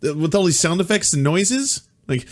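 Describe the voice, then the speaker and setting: A man's voice: high-pitched, expressive, moderate pace, noisy background. A man hosting political comedy commentary, with sarcastic, crude, mocking asides.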